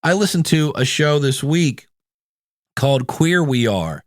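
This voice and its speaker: A middle-aged man from the United States hosting a solo podcast, talking in a chatty, conversational way with animated asides. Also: fairly high pitch, unhurried, dry recording, clean studio sound. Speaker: podcast host.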